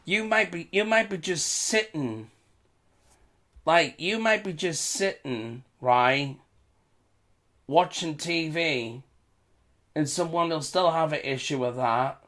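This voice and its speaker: A man's voice: a little high, takes it slowly, long pauses, a bit bright. A British man talking in a casual, rambling commentary vlog. He repeats himself and chuckles between remarks. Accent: British English. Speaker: vlogger.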